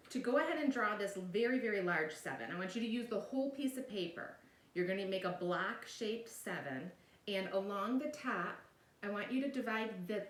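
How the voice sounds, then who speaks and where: A woman's voice: medium pitch, fairly bright tone, recorded from a distance. A woman teacher giving a recorded video lesson, explaining patiently step by step and often checking in with "all right?". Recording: echoey room, voice a bit off-mic.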